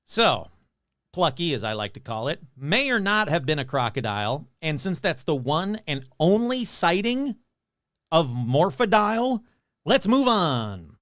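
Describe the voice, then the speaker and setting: A podcast host with a fairly high voice that bounces all over the place, chatting sarcastically and rambling as he mocks himself and his material. The sound is dry and close, with no room around it. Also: very animated, a little slow, a bit bright, no echo. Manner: sarcastic, rambling, self-mocking. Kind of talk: casual comedic chat.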